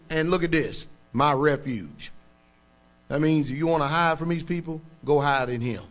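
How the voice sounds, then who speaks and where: Man, pastor, preaching a sermon, emphatic, casual speech, pitch a bit high. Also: normal speed, soft background music. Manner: emphatic, checks in with the congregation; colloquial, informal speech.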